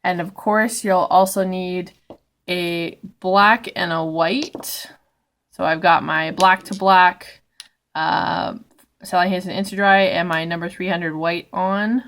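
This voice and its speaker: A young woman from Canada hosting a casual nail tutorial vlog while sick and in pain, speaking quietly and rambling with many fillers and apologies. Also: fairly low pitch, steady tone, slow. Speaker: host of a nail art channel.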